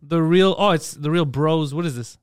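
A man who works as a comedian, hosting a casual podcast chat and needling his friends with deadpan jokes. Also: a little high, moderate pace, clear, resonant tone, no room sound, studio quality.

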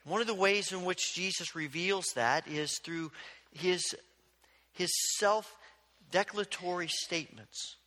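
A man preaches in a high, ringing voice with a bright, forceful edge. He tells the scripture as a story and acts out the voices of the people in it. His words carry a long echo through a large sanctuary. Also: takes it slowly. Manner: storytelling preacher who acts out quoted exchanges. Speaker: pastor. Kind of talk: sermon.

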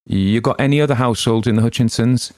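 A man doing a brisk, genial village official. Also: mid-range voice, dry recording, studio quality, pitched above the performer's own voice, close to an everyday voice. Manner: brisk, businesslike, gently firm.

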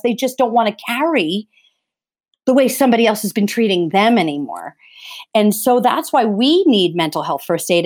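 A woman speaking as an interview guest, talking earnestly and with passion, often restarting her sentences. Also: mid-range voice. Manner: impassioned, emphatic, frequent restarts. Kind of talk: earnest conversational interview talk.

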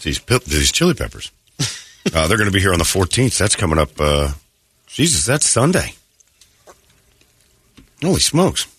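A morning radio host rambles through casual stories, acting out what people said, and clears his throat along the way. His low, husky voice has a sing-song lilt and a bit of brightness, at a moderate pace with frequent pauses, recorded on a studio mic.

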